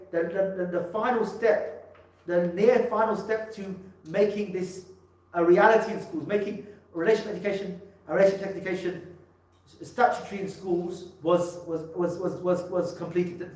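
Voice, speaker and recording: A man's voice: sits high, fairly even intonation, moderate pace. A man giving a public talk to parents as a religious scholar, speaking emphatically and often repeating words as he restarts. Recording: echoey hall, mic from far off.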